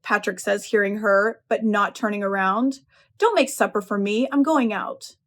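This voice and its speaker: Woman professor, high voice, lecturing on a short story with lively personal opinions. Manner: expressive, opinionated retelling. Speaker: English professor. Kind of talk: literary analysis lecture.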